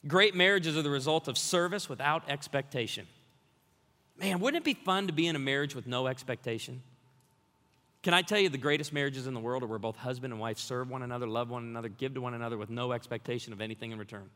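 A man preaching a sermon as pastor, telling funny stories and building to energetic exhortation. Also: mid-range voice, fast talker. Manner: storytelling with humor, rising to energetic exhortation. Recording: long hall reverb.

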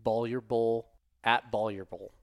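A man hosting a podcast in casual, profane chat, swinging from muttered asides to loud outbursts. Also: medium pitch, little pitch movement, measured pace, dry recording. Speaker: podcast host.

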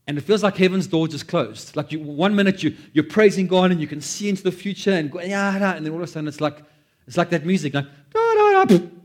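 A man preaching a sermon, animated, acting out quoted prayers and joking at his own expense. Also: a little high, fast talker. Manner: animated, acts out quoted prayers, self-deprecating asides. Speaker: pastor.

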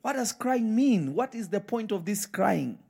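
A man's voice: sits high, animated, a little slow, creaky, warm tone. A man preaching a live sermon in church, emphatic and firing repeated questions at the congregation. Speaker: pastor.

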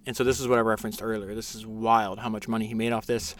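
A man's voice: fairly low pitch, level tone, fast, slight background noise. A man hosting a casual podcast, summarizing a biography with enthusiasm, reading passages aloud with frequent fillers and restarts. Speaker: podcast host.

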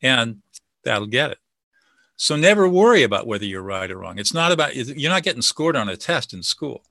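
A man's voice: mid-range voice, sing-song, moderate pace, vocal fry, sharp tone, dry recording, studio quality. A man speaking as an expert guest in an interview, explaining listening and de-escalation in a confident, teaching way. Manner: confident, teaching, acts out sample dialogue.

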